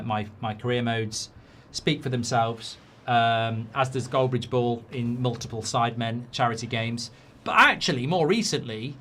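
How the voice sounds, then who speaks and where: A man's voice: medium pitch, a bit bright, a little hiss or hum. A man hosting a live football watchalong, chatting casually and reading out viewer comments.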